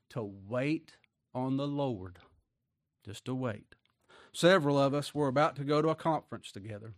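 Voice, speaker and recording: A man preaches a sermon in a plain, homespun way, tossing in rhetorical questions as he goes. His voice sits a little higher than most men's. The recording is dry, with hardly any room sound. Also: a bit bright, no room sound.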